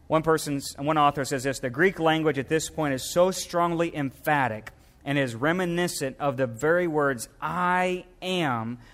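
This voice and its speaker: This clip features a Louisiana pastor in middle age preaching with lively energy, softening and lowering his voice whenever he recites scripture.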